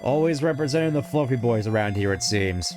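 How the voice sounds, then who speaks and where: A man's voice: medium pitch, expressive, brisk, a little mellow, soft background music. A man streaming a video game, giving casual commentary and laughing at his own jokes between lines of dialogue.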